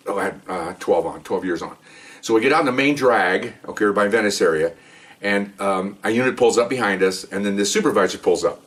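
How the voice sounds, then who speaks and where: Older man telling stories fast. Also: on the low side, a bit bright, distant mic. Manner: rambling, repeats words, says "okay?" often. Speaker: retired police officer telling stories. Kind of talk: casual storytelling monologue.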